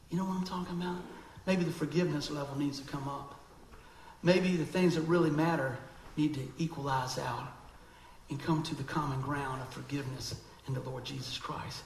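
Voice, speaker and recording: Animated preacher with a gravelly voice. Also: male voice, a little high, echoey room, a little hiss or hum, poor audio. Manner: animated, conversational, acts out quoted voices. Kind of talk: sermon.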